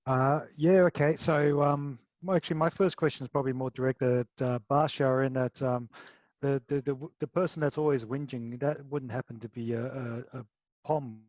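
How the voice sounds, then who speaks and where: A man's voice: medium pitch, steady tone, moderate pace, darkish tone, no room sound. A man asking a question in a webinar over a video call, hesitant and joking, with many restarts. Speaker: webinar participant. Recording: dry muffled call audio.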